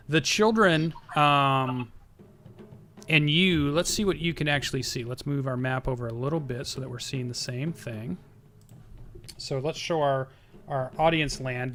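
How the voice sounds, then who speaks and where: A man's voice: mid-range voice, a little slow, a bit bright. A man narrating as game master, easygoing and prompting players with questions.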